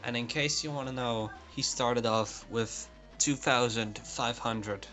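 Young man, let's play commentary, unhurried delivery, cursing under his breath. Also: medium pitch, steady tone, sharp tone, soft background music. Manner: frustrated, swearing, muttering to himself. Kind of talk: casual gameplay commentary.

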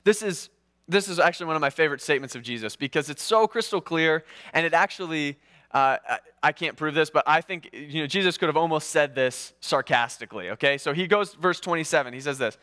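Chatty man preaching with a bright voice. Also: a little high, fairly quick. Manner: conversational, animated, sarcastic asides. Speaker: pastor. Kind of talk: sermon. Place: church.

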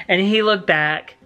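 A young man vlogging with his wife, telling a heartfelt family story in casual chat. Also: on the high side. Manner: warm, emotional storytelling with laughs.

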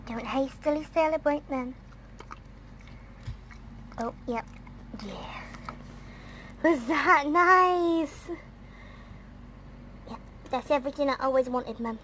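Woman putting on a super high little dog voice, chatty, slow and drawn out, faint hiss behind. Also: a bit bright. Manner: chirpy baby-ish running commentary. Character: chatty young female pet dog.

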